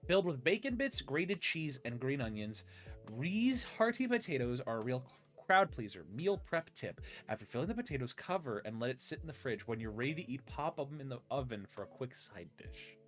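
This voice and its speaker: A man's voice: mid-range voice, very animated, fairly quick, fairly bright tone, soft background music. A man hosting a casual chat, reading recipes aloud and laughing often. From United States. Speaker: podcast host.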